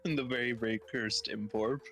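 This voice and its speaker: A British man co-hosts a casual game stream, full of playful, jokey banter. His voice sits at an ordinary pitch, with soft game music faint in the background. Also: fairly even intonation, moderate pace. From Britain. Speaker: co-host. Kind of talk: casual live-stream chat.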